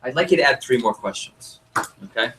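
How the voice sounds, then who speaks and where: In a meeting room with a group, a young man with a mid-range voice runs a sales training workshop, speaking a little fast over a noisy background. He energetically coaches the group and acts out customer dialogue.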